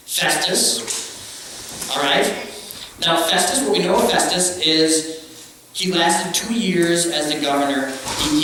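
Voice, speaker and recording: A pastor with a fairly high voice delivers a chatty, joking sermon in church, acting out the quotes he shares. He's recorded from a distance in an echoey hall with background noise.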